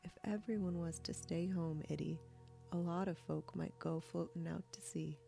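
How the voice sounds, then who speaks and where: A woman reading the lines of a gruff but kindly old grandfather in a slow, soft folksy drawl. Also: fairly low pitch, fairly even intonation, faint music behind.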